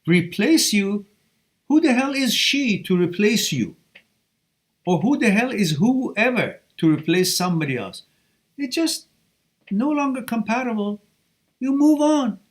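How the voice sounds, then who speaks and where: A man with a slightly higher than usual voice, hosting a live advice stream. He talks bluntly and scolds in a lively, animated way. He reads viewer questions aloud and answers them head-on. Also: measured pace, pauses often. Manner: blunt, animated, scolding tough-love delivery. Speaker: live Q&A host giving relationship advice.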